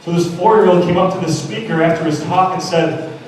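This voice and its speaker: A man's voice: on the high side, fairly even intonation, fairly quick, a little hiss or hum. A man giving a motivational speech at a school assembly, telling emphatic stories and acting out the quotes. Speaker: motivational speaker. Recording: echoey hall heard from far off.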